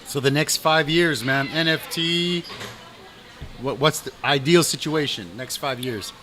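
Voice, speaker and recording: A man hosting a casual podcast in a restaurant, talking in a relaxed, enthusiastic way and often repeating words as he stammers. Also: on the high side, unhurried. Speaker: podcast host. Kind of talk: casual chat.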